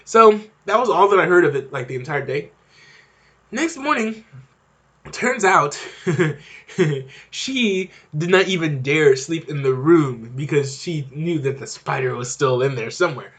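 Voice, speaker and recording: A man's voice: on the high side, animated, measured pace, fairly bright tone. A young man hosting a podcast, talking in a casual, rambling monologue with many fillers and restarts. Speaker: podcast host.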